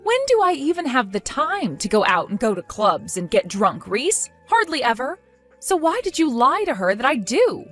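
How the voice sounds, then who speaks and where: A woman's voice: high-pitched, sing-song, moderate pace, a bit bright, faint music behind. A woman voicing a defensive, exasperated young wife in a text-story drama, pleading and indignant.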